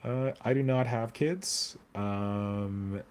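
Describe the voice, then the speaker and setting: His voice sits on the low side, a little mellow, with a clear, resonant tone, and he talks extremely slowly. The man is casually chatting on a hobby live stream, rambling and joking as he responds aloud to viewer comments.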